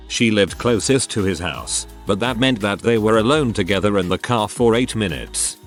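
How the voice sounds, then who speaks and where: A man with a lowish voice reads a run of short stories aloud. His delivery is even and matter-of-fact, with faint music playing underneath. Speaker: narrator reading online stories. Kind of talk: scripted narration.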